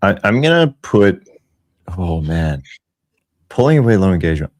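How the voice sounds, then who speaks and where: An easygoing man co-hosts a casual podcast chat, agreeable and full of casual slang. His voice sits low for a man. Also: sing-song, normal speed. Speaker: podcast co-host.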